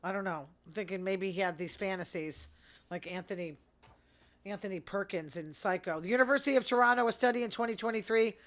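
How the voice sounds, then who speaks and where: A middle-aged woman hosting her own show, chatting in a rambling, sarcastic way and talking fast. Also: medium pitch, fairly bright tone. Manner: fast talker. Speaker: podcast host. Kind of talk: casual solo commentary.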